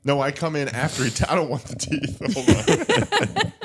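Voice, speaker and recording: Young male co-host, playful, quick to laugh, average pitch, casual banter. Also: breathy edge. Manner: goofy, laughs often, slips into silly voices. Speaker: podcast co-host. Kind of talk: casual chat.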